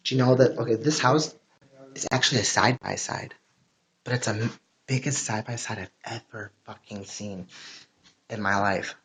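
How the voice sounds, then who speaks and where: A man's voice: fairly low pitch, normal speed, pauses often, fairly bright tone. A man chatting casually on a livestream from his home, rambling and swearing often. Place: at home, indoors.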